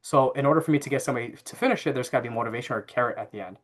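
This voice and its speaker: A man in his thirties telling a family story as a podcast guest, relaxed and chatty with fillers. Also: medium pitch, rapid-fire. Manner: animated anecdote-telling with frequent fillers and laughs. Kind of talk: casual interview storytelling.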